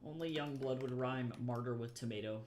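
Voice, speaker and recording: A man's voice: mid-range voice, brisk, darkish tone, a little hiss or hum. A man chatting casually while he draws on a livestream, rambling, swearing freely and making wry asides to his viewers. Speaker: comic artist streaming while drawing.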